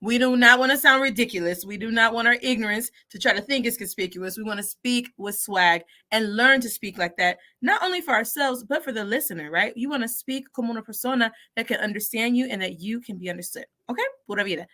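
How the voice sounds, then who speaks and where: A woman teaching Spanish in a lively, playful lesson, moving between English and Spanish. Her voice sits slightly high and rings very bright. She acts out both sides of a short dialogue. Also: fast, few pauses. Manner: models dialogue by playing both speakers. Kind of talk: bilingual video lesson.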